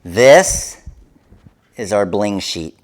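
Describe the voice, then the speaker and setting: A man's voice: on the low side, lively intonation, extremely slow. A man hosting a live craft tutorial, talking viewers through each step in an upbeat way. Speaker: craft demonstrator.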